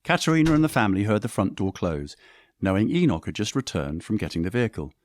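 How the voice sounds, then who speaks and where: A man reading scripted story narration in a descriptive, measured way. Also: lowish voice, sing-song, darkish tone.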